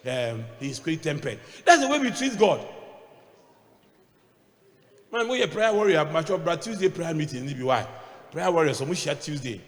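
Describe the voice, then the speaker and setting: A man with a Ghanaian accent preaching a sermon as a bishop, switching between English and Twi and swinging between shouting and quiet asides. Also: fairly high pitch, animated, normal speed, long pauses. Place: church hall. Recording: long reverb of a church hall.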